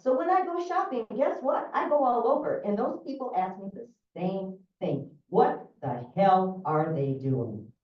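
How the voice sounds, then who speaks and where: A woman's voice: medium pitch, dull audio. Passionate woman resident at podium, echoey room, far from mic. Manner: impassioned, pleading. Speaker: public commenter. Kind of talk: public comment at a council meeting. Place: council chamber.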